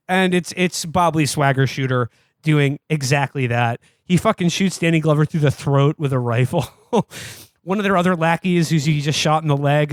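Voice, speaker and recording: A man with a slightly high voice tells a film's plot on a podcast. He swears freely and slips into mocking voices for the characters. His mic sounds close and dry, with no room in it. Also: moderate pace, no echo. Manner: profane, animated retelling with mocking quoted voices. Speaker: podcast co-host. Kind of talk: casual comedic movie recap.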